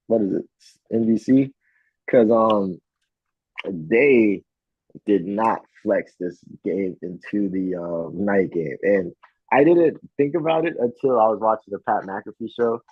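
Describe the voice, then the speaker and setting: A man's voice: lowish voice, husky, no room sound. A man co-hosting a casual sports betting chat, swearing freely and telling stories with animation. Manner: profane, animated storytelling. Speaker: podcast co-host. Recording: tinny phone-like sound.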